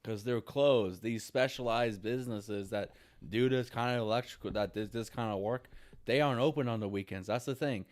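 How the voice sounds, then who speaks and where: Speaking at a moderate pace in a mid-range voice, a man rants on his vlog out of frustration. He repeats himself, curses nonstop and keeps finishing sentences with "dude."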